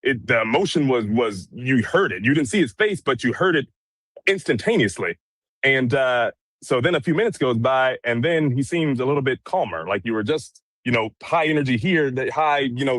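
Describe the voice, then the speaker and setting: A man's voice: mid-range voice, a bit bright, no room sound. A man talking as a guest in a casual conversation, using many fillers. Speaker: guest commentator.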